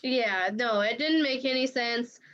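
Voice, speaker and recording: A woman co-hosting a podcast, chatting casually and retelling movie scenes in an animated way. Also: fairly high pitch, measured pace. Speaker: podcast co-host. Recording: dull lo-fi podcast audio.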